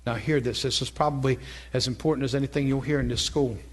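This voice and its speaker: A man's voice: medium pitch, steady tone, fast talker, breathy edge. A man preaching a sermon at a church school, telling a story in an earnest, conversational way that climbs into fervent peaks. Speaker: pastor teaching a ministry school. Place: church hall before an audience.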